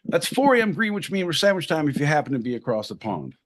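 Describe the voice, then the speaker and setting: A man from Southern California co-hosting a podcast with rowdy, jokey banter, switching between showman bursts and low mutters. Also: very animated, quick pace. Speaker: podcast co-host.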